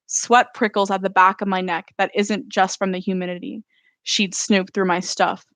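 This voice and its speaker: A woman author reading her own novel aloud in a steady first-person narration during a live stream. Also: mid-range voice, moderate pace, no room sound.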